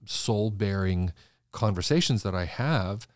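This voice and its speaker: A man, a designer guest in an interview, telling stories in an animated way and acting out the voices of people he quotes. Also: on the low side, measured pace, no room sound, studio quality. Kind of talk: conversational interview storytelling.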